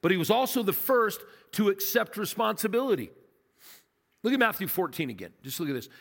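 A man's voice: high-pitched, very animated, brisk, fairly bright tone. A man delivering a sermon to a congregation, in a conversational and emphatic manner with rhetorical questions. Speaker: guest preacher. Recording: long hall reverb.

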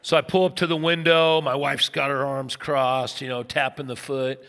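Animated pastor preaching in a big hall. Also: male voice, medium pitch, moderate pace. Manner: animated storyteller, acts out voices. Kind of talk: sermon with storytelling. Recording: long reverb in a large hall.

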